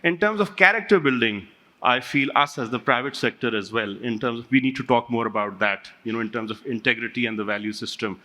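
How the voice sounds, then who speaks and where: Brief: male panelist, rapid delivery, tense bright tone, lots of "you know". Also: mid-range voice. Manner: brisk, hedging with fillers. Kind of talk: conference panel talk.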